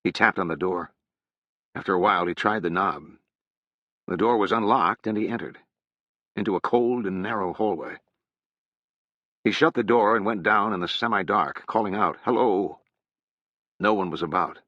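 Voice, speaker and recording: A man narrating a literary novel in an even, measured reading. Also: low-pitched, dry recording. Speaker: audiobook narrator. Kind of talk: scripted narration. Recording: dull, dry sound.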